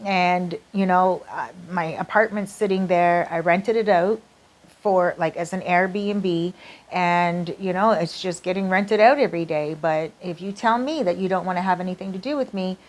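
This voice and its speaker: A woman's voice: fairly low pitch, normal speed, lightly acted. A woman quoting her story's boyfriend, earnest and reassuring, in her own voice. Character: earnest man, devoted boyfriend.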